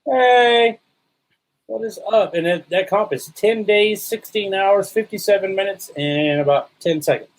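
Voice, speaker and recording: A man co-hosting a podcast in relaxed chat, laid-back with dry humor. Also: sits high, measured pace, low-quality recording. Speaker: podcast co-host.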